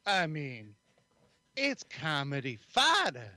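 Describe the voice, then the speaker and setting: A man putting on a slow, mock-sincere pundit voice for a comic podcast impression, pitched a bit above his usual talk. The words are drawn out and the delivery is bright and forceful. The sound is dry and close. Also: huge pitch swings, no room sound, full character voice. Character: man mimicking a woman pundit's mocking delivery.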